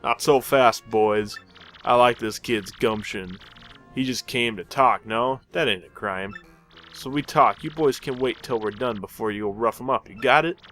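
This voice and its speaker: A man voicing a gruff, domineering mobster boss with a put-on tough-guy accent, reading game dialogue aloud. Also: medium pitch, normal speed, a bit bright, soft background music, lightly acted. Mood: calm, commanding.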